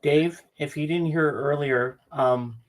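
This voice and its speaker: A man's voice: fairly high pitch, slow pace. A man co-hosting a podcast, chatting casually in an easygoing, plain-spoken way. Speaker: podcast co-host. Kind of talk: casual chat.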